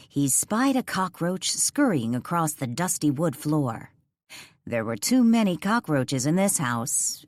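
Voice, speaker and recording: A woman narrating a ghost mystery audiobook in a measured, suspenseful way on a close studio mic. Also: low voice, no echo. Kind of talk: scripted narration.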